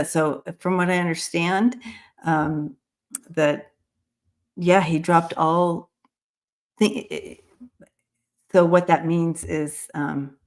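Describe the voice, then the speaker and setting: On her live-stream psychic reading show, a woman calls out viewers by name and chats casually, restarting often and using many fillers. Her voice sits on the low side and is a little mellow.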